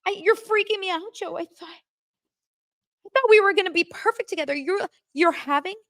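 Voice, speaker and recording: A woman doing a shrill young woman who whines and pleads, her voice jumping way up high and breaking into squeals. She sounds a little off the mic and very dry, with no room sound. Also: moderate pace, fairly bright tone, no room sound. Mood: upset. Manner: squealing, pleading, repeating the name. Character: shrill upset young woman, whiny, on a reality show.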